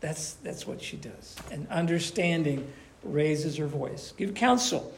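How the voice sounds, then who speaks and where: A man preaching a conversational sermon to his church, animated and acting out little voices as he talks. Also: on the high side, slow pace, vocal fry, a little hiss or hum. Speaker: pastor.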